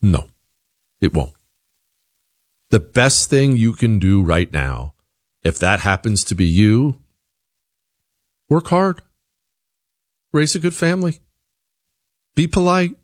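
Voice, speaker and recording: A middle-aged man delivering an opinion monologue as a commentator, animated and leaping up in pitch when he quotes others. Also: dry recording, studio quality. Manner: animated, jumps high in pitch for quoted voices.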